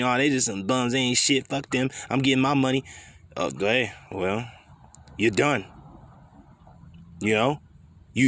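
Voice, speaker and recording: A man's voice: mid-range voice, a bit bright. A man preaching a blunt, confrontational scripture sermon full of profanity and street slang.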